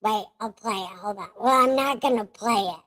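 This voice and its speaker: A woman's voice: medium pitch, moderate pace, a crowd in the background. A woman hosting a livestream in casual chat, joking and laughing often. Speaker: livestream host.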